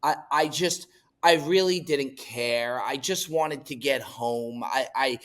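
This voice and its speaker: A young man hosting a casual podcast, telling a wild story in an animated way, with swearing and restarts. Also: medium pitch, takes it slowly.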